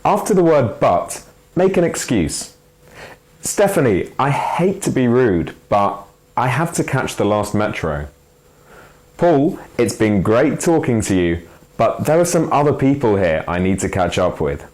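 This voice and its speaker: Man teaching with lively intonation. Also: medium pitch, measured pace. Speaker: English teacher. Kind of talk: scripted lesson narration.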